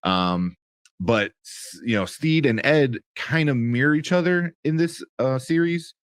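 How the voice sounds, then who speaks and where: A man's voice: medium pitch, expressive, unhurried, smooth, dry recording, studio quality. A young man giving a casual spoken review of a show, rambling with lots of fillers and restarts.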